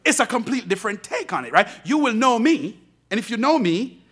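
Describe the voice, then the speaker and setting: A man delivering a sermon as pastor. His voice sits high and swoops widely, moving from quiet, low asides to loud, emphatic peaks. His tone is bright, and he breaks into laughter now and then. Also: fairly quick, slightly rough. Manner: animated preaching, rising to shouts, laughing asides; swings between soft low asides and loud emphatic lines.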